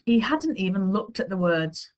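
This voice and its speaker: Woman, children's story reader, lively varied intonation, expressive. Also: mid-range voice, moderate pace, highs cut off. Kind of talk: reading a children's book aloud.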